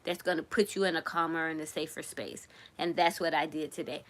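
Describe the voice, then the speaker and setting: Woman host, crochet live stream; soft, lowish, emotional, encouraging, on the edge of tears. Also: fairly even intonation, a little fast. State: tearful, runny nose. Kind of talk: casual live-stream talk.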